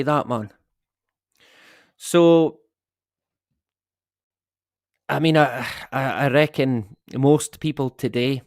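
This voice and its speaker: A man's voice: medium pitch, no room sound, studio quality. A middle-aged man hosting a casual live stream, rambling and swearing with the odd chuckle. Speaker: livestream host.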